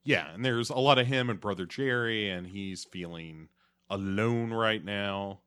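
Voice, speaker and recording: A man's voice: lowish voice, unhurried, fairly bright tone, smooth. A man co-hosting a podcast, recapping in a laid-back casual chat and dropping into playful silly voices. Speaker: podcast co-host.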